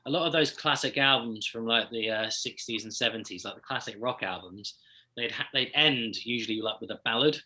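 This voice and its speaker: Easygoing musician guest with a London accent; a very bright voice at a middle pitch. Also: male voice, brisk. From United Kingdom. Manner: chatty, easygoing, laughs often. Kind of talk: casual interview chat.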